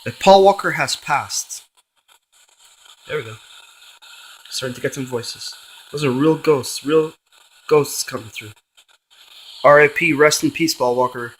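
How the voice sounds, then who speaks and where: A man's voice: on the high side, a little slow, long pauses, low-quality recording. A man, a paranormal investigator, running a spirit box session and coaxingly calling a spirit by name.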